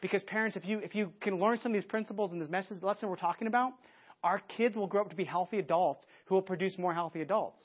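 A man preaching a conversational sermon to a church audience, lively and often restarting his sentences. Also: high-pitched, fast talker, slightly rough. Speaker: pastor. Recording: dull lo-fi sermon recording.

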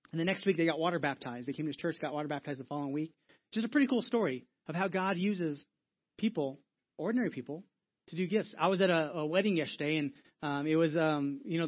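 A man's voice: a little high, muffled recording. A man preaching a sermon as a church pastor, telling stories conversationally with frequent restarts and repeated words.

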